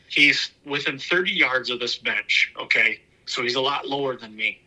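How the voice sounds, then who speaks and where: A man at an ordinary pitch tells a bowhunting story in a casual, meandering way. His tone is very bright and cutting, and he leans on "like" and "you know" as he goes. At the tense moments he drops to a near whisper. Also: rough recording. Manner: loose and rambling, full of "like" and "you know". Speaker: bowhunter recounting a hunt.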